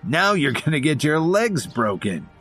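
A man's voice: medium pitch, big pitch swings, moderate pace, breathy edge, faint music behind. A man playing an arrogant spoiled young bully. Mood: angry.

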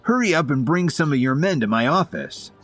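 Man doing spoiled young bully, arrogant, blustering, husky, lively pitch, faint music. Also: brisk. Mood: angry.

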